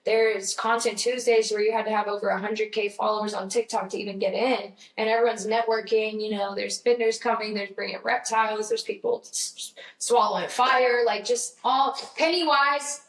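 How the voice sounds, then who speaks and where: A young woman from Georgia with a Southern accent, telling stories in an upbeat, chatty interview with lots of fillers. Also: fairly high pitch. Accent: Southern American. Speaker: guest musician. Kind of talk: casual interview chat. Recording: roomy, slightly distant mic.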